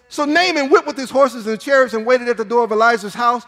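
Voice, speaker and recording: High, lively-voiced preacher in echoing sanctuary. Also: male voice, quick pace, hardly any pauses, faint music behind. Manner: dramatic, emphatic preaching with sudden swings in volume. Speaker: pastor. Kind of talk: sermon. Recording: long reverb in a large hall.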